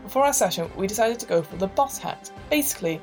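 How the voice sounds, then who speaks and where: A woman game master narrating a tabletop session and explaining its rules in a clear, measured way. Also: mid-range voice, animated, soft background music.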